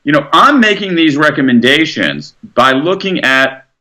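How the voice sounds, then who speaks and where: Animated man explaining research. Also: on the high side, moderate pace. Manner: animated, explanatory, acts out quotes. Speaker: author guest. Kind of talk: interview.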